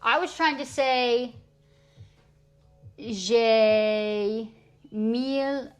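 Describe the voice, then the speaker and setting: A young woman chats on a live stream at an easy, slow pace, her voice sitting a little high. She jokes about her own slip-ups and keeps repeating the phrases she is practicing. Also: clean tone, soft background music. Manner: chatty, self-mocking, repeats practice French phrases. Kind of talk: casual live-stream chat. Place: at home streaming. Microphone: streaming mic.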